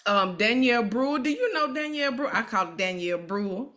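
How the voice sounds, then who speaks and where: A woman's voice: a little high, sing-song, fast talker, a bit bright. A woman hosting an emotional interview, encouraging and repeating herself as she talks. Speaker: host. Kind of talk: emotional live-stream interview.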